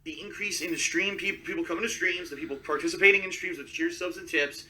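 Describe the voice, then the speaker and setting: Male streamer, sharp bright tone, slightly high, defensive, recorded from far off the mic. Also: fast. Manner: self-promoting, defensive. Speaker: live streamer. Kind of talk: talking to stream chat.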